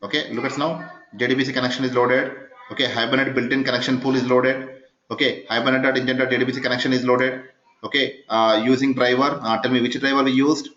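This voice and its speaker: A man's voice: mid-range voice, flat delivery, quick pace, fairly bright tone. Man teaching code, quizzing the class. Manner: keeps quizzing the class, asking 'yes or no?'. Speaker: programming instructor. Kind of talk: live coding lecture. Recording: echoey, dull recording of a class session.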